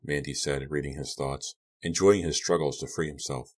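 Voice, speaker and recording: A man narrates a young-adult horror novel in a very deep voice. He keeps his reading measured and subdued. The tone stays steady between the characters' outbursts. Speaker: audiobook narrator. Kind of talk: scripted audiobook narration.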